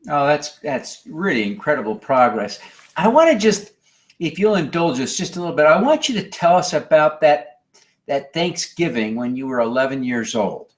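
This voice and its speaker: Lively, polite male interviewer. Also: fairly high pitch, normal speed. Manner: polite, encouraging. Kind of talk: interview questions.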